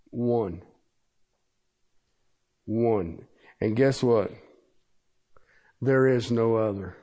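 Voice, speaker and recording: Male pastor, sermon, slow measured delivery, emphatic repetition, checks in with "okay?". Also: medium pitch, warm tone. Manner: emphatic preaching with sudden pace shifts and repeated "Okay?". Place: church.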